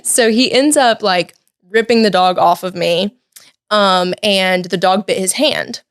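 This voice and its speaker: A woman's voice: medium pitch, measured pace, no room sound, studio quality. Chatty teenage woman telling a story. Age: late teens. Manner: lively, chatty, many "like" and "um" fillers. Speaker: podcast guest. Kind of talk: personal storytelling. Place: podcast studio.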